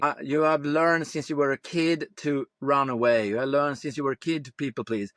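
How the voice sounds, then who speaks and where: A man's voice: on the high side, steady tone, moderate pace, fairly bright tone, no room sound, studio quality. A man from Sweden, a guest on a podcast interview, reflective and plain-spoken, who swears casually.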